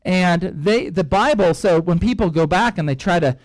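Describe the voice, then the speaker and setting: Male pastor, high voice, storytelling sermon, chatty asides, dry recording. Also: moderate pace, dry recording, poor audio. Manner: lively storyteller, acts out characters' reactions; rambling with frequent fillers and asides. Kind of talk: sermon-style Bible teaching.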